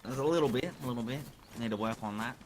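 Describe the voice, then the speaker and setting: A man's voice: medium pitch, quick pace, a little hiss or hum. Crude joking man in game chat. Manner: joking, crude, egging others on. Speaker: roleplay player. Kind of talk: casual in-game roleplay banter.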